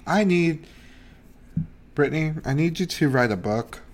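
An excitable man in a casual podcast chat who swears freely and breaks into laughter often. His pitch swings widely as he talks, and there is faint noise under the recording. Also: measured pace. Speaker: podcast co-host.

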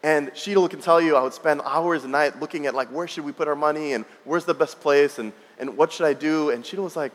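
A man's voice: a little high, quick pace. A man in his thirties preaching a sermon, telling a personal story in a conversational way with frequent restarts. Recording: long reverb of a large hall.

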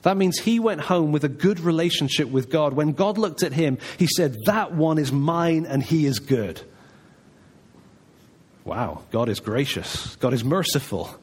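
Man preaching a conversational sermon. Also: mid-range voice. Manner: conversational, emphatic, voices God's replies softly.

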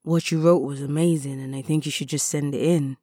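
A woman's voice: deep voice, fairly even intonation, brisk, mellow, no room sound, studio quality. A woman voicing a playful, laid-back young male artist friend in a read story. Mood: teasing. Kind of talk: storybook reading.

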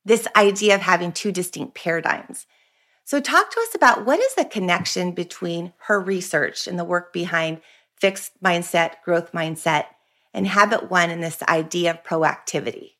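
A woman hosting an interview for educators, asking long, measured questions and affirming with short replies. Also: lowish voice, lively intonation, sharp tone. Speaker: podcast host for educators.

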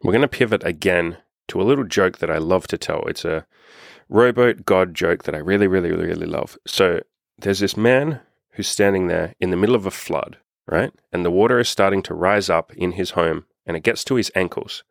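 A young man coaching with earnest, emphatic energy and the odd casual swear. His voice sits very low, and the sound is dry and close with no room around it. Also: fairly quick, vocal fry, no room sound. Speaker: self-improvement coach. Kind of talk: casual motivational monologue.

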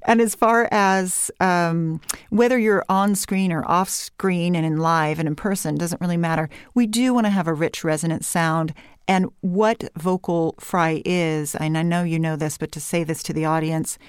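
A Californian woman who works as a voice and speech coach gives an animated interview at normal speed. Her fairly low, smooth, resonant voice is captured close on a dry mic, and she explains things with light vocal fry and uptalk.

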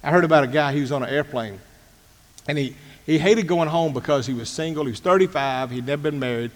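A man's voice: fairly high pitch, fast talker, long reverb tail. A man giving a motivational talk on leadership, emphatic and full of stories and repeated phrases. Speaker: speaker on leadership.

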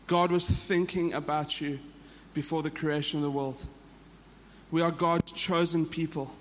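A man's voice: a little high, level tone, unhurried, big-room sound, a little hiss or hum. A man with a South African accent, preaching a sermon to a church in an earnest way that often repeats and restarts phrases. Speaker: pastor.

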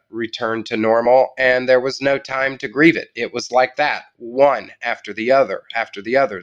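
A man's voice: medium pitch, fairly bright tone, muffled recording. Reflective male guest telling a story. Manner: reflective, measured, halting restarts. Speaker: guest writer. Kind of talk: interview storytelling.

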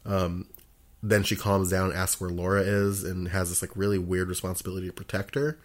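A man with a very deep voice chatting casually about a game. He stops and restarts often, repeats words as he goes, and swears offhandedly. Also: little pitch movement, fairly quick. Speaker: podcast co-host. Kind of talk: casual chat.

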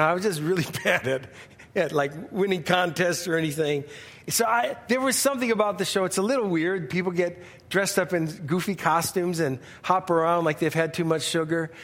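A man's voice: sits high, a bit bright, big-room sound. A male pastor preaching a sermon in a loose, conversational storytelling way with frequent restarts.

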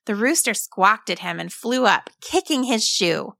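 A woman calmly and expressively narrating a children's story as a storyteller. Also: medium pitch, unhurried, creaky, dry recording, studio quality. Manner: calm, expressive read-aloud.

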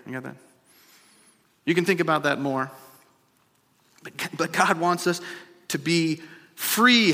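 A male pastor preaches in a fairly high, bright and forceful voice. He swings between emphatic repeated refrains and easy, chatty asides to his listeners. His words ring out with the long reverb of a large sanctuary. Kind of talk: sermon. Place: church sanctuary.

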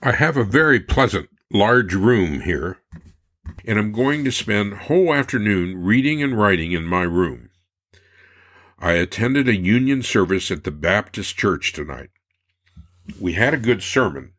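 A man narrating, reading old personal letters aloud in a measured, unhurried way. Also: lowish voice, animated, fairly bright tone.

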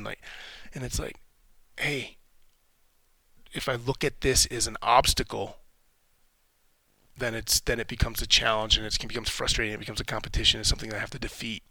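A man's voice: medium pitch, gravelly, sharp tone, no echo. A man hosting a podcast, a military veteran, talking in a rambling, candid, reflective way and cursing casually. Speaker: podcast host.

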